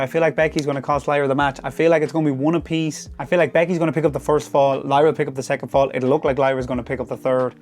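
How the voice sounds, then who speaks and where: A young man giving casual, rambling commentary with predictions, often repeating "I feel like" and getting animated. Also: on the high side. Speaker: wrestling predictions host.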